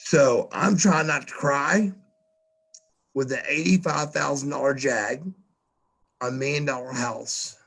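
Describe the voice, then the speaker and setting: A man's voice: medium pitch, vocal fry, a bit bright, breathy edge. A man telling a story as a podcast guest, stammering, repeating himself and swearing often. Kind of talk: casual storytelling.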